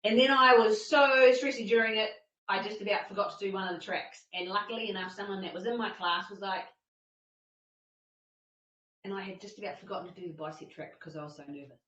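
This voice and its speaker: A woman fitness instructor telling a personal story in an animated talk, acting out her own panicked thoughts. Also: medium pitch, a little fast. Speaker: fitness instructor and masterclass speaker. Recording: distant, echoey and dull-sounding.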